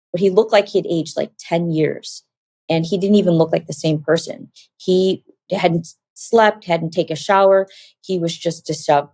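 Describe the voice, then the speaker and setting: A woman telling a personal story as an interview guest, animated and acting out quoted dialogue. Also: lowish voice, no echo.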